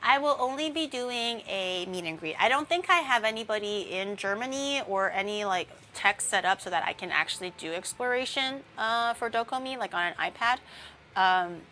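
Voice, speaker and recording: A woman's voice: medium pitch, animated, moderate pace, bright, forceful tone, a little hiss or hum. A young woman streaming as a VTuber, chatting casually while she bakes at home, rambling through playful tangents with lots of fillers. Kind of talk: casual livestream chat while baking.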